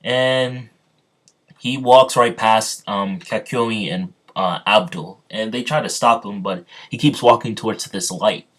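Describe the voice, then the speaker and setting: A man improvising a fan story as narrator, halting often with ums and restarts. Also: fairly low pitch, a bit bright.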